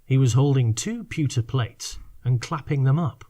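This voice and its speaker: A man narrating a fiction audiobook in measured, unhurried reading. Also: mid-range voice, mellow. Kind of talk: scripted narration.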